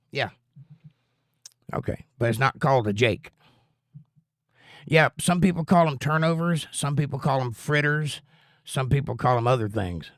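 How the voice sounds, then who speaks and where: A man chats casually on his livestream, rambling in a folksy way as he reads out viewer comments. His voice sits at a middle pitch. The sound is dry and close, with no room echo. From United States. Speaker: livestream host.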